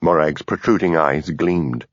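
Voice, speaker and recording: A man narrating a mystery audiobook in an expressive, lively reading. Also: extremely low pitch, measured pace, no room sound. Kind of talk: scripted narration. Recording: dull, dry studio sound.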